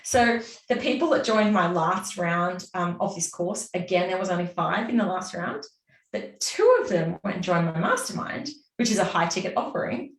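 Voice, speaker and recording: Animated woman, roomy distant sound. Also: on the low side, normal speed. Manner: animated, acts out her own inner voice. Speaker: guest, business mentor. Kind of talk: casual interview chat.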